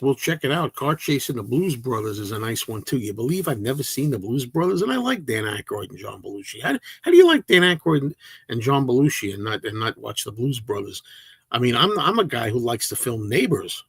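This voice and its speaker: A man's voice: medium pitch, creaky, fairly bright tone, breathy edge, dry recording. A man hosting a casual livestream, answering viewer comments in a rambling, chatty way that often restarts mid-sentence. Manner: rambling, self-interrupting, chatty.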